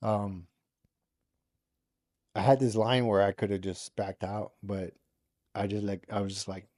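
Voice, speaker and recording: This is a man from the United States, speaking in a low-pitched voice. He rambles through a personal story in casual podcast conversation, leaning on fillers and tossing in the occasional curse. The sound is close and dry, with no room around it. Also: little pitch movement, measured pace, mellow, no room sound. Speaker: podcast guest.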